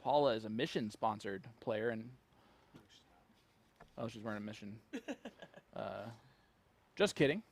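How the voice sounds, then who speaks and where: A man's voice: lowish voice, big pitch swings, measured pace, gravelly, pauses often, slight background noise. A man commentating live darts, chatty and joking as he reads out player stats.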